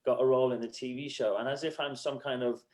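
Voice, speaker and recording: A man's voice: mid-range voice, fast. An English man, a musician guest on a podcast, telling self-mocking stories in casual chat. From England. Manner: animated storytelling, self-mocking, laughs often.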